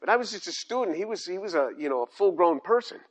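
With a high-sitting, animated voice and a quick pace, an older man preaches on scripture. He's emphatic, circling back to key phrases and restarting his sentences along the way.

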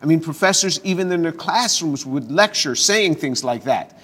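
A man's voice: fairly high pitch, expressive, normal speed, a bit bright, slightly rough. An older man teaching a verse-by-verse sermon, often stumbling and repeating words, with long scripture readings. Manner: reads scripture aloud in long passages. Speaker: pastor.

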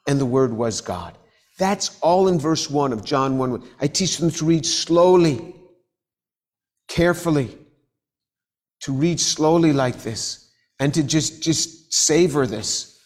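A middle-aged man preaching and teaching scripture, earnest, repeating key phrases and reading verses slowly. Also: a little high, darkish tone. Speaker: preacher and professor. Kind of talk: sermon teaching.

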